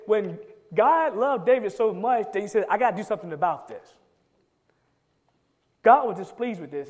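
A man's voice: high-pitched, darkish tone. A man preaching a sermon. He reads scripture aloud and rises into emphatic pleading. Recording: long hall reverb.

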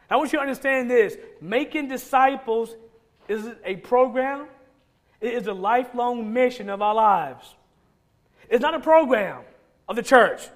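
A male pastor preaching a sermon, emphatic and repetitive, firing off rhetorical questions. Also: sits high.

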